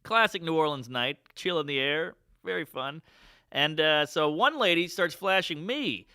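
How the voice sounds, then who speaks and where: A man's voice: on the high side, moderate pace, clear, resonant tone, no room sound, studio quality. A man telling a funny story in casual chat, acting out the people he quotes. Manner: animated, acts out quoted lines. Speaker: storyteller guest.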